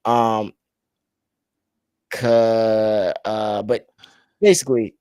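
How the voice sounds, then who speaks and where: A man's voice: on the low side, fairly even intonation, very slow, a little mellow, clear, resonant tone, dry recording, studio quality. A man hosting a casual podcast chat, rambling and trailing off as he searches for names. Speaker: podcast host.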